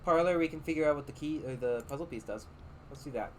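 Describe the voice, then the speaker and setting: A man's voice: a little high, fast talker, a little hiss or hum. A man giving casual gameplay commentary, thinking aloud and muttering to himself as he plays. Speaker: game streamer.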